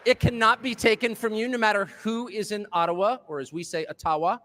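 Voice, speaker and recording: A man with a high-sitting, bright voice speaks a little fast and forcefully, his words carrying long hall reverb. Addressing a live audience with a political speech, he's impassioned and sardonic, tossing in mocking asides.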